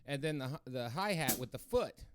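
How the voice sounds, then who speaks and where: A man's voice: medium pitch, animated, a little fast, loud music behind the voice. A man casually rambling to viewers as he hosts his own drum practice stream, with many fillers and restarts. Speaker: drummer hosting a practice stream.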